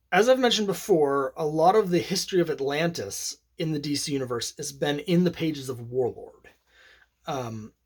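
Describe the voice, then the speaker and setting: A man casually talking through his comic collection, rambling and opinionated, with many fillers and restarts. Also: medium pitch. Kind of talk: casual solo commentary.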